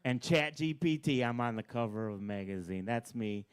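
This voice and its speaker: A man doing live stand-up at an open mic, bossing an audience volunteer around with playful, deadpan asides. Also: medium pitch, a little slow, clean tone. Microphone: handheld stage mic.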